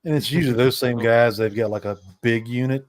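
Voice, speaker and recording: A man chatting calmly on a podcast, repeating his words as he starts his sentences. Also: mid-range voice, brisk. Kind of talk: casual chat.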